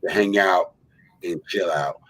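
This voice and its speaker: A man hosts a stream, telling exaggerated comic stories and laughing a lot. His voice is deep and a bit bright, a little slow, and the recording is low quality.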